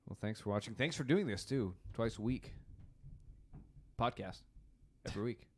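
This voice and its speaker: A young man co-hosting a podcast in a casual, excitable, jokey chat. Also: medium pitch, moderate pace. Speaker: podcast co-host.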